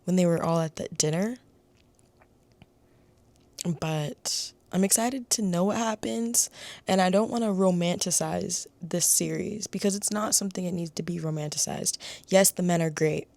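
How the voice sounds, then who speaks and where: Earnest woman with a low voice. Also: vocal fry, darkish tone, dry recording. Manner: earnest, searching for words with frequent pauses. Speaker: book reviewer. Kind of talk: casual book review vlog.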